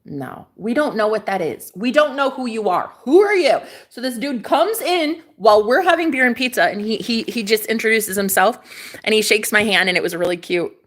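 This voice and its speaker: Animated young woman telling a story. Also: fairly high pitch, moderate pace. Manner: animated, chatty, swears freely, acts out quoted voices. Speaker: vlogger telling a personal story. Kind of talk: casual storytelling.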